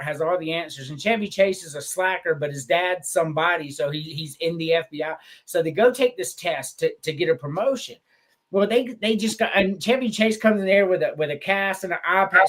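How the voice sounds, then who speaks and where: A man co-hosting a podcast in casual chat, who swears freely and retells movie scenes with loud acted-out quotes. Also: high voice. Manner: animated, swearing, acts out quotes in loud voices. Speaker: podcast co-host.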